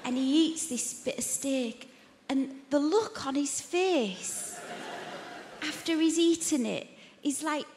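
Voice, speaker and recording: A woman doing stand-up comedy on a theatre stage, telling deadpan anecdotes about her partner. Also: high voice, slow pace. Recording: echoey theatre hall with crowd noise.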